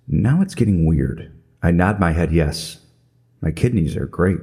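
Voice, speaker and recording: A man's voice: low voice, expressive, measured pace, warm tone. A middle-aged man telling a scripted comedic story in a wry, self-mocking way. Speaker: podcast narrator.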